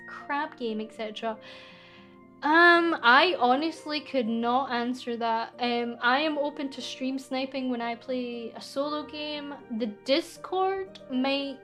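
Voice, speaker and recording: Scottish woman, high bright pitch, casual streamer Q&A, laughs easily while reading chat. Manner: chatty, giggly, reads viewer comments aloud. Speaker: VTuber streamer.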